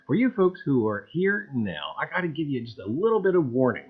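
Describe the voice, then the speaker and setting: A man's voice: a little high, sing-song, brisk, husky. Folksy man hosting a livestream. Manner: folksy, repeats catchphrases, loud cheerful greetings. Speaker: livestream host. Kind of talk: livestream chat greeting viewers. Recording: dull lo-fi sound.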